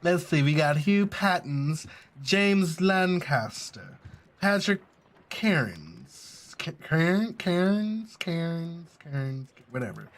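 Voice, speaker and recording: Male streamer doing relaxed, sassy let's-play commentary, unhurried delivery. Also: a little high. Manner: sassy, laughing asides, reads game text aloud. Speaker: gaming streamer.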